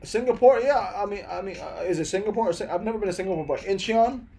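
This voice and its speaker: A man's voice: high-pitched, quick pace, gravelly, mellow, faint music behind. A young man with an American accent chatting casually on a live stream, replying to viewers with lots of "bro" and "man" and frequent restarts. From Philippines, raised in the US.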